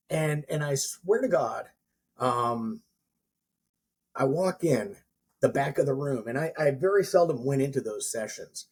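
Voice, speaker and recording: A man's voice: mid-range voice, lively intonation, measured pace, darkish tone, breathy edge. A man who works as a mortgage professional and trainer, chatting casually and telling a rambling story with frequent restarts. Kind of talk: casual podcast chat.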